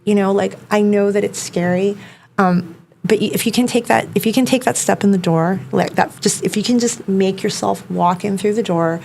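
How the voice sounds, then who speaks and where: A female self-defense teacher talks casually as a podcast guest, her speech full of "like" and "you know." Her mid-range voice is creaky and darkish at a normal pace, with a bit of hiss or hum.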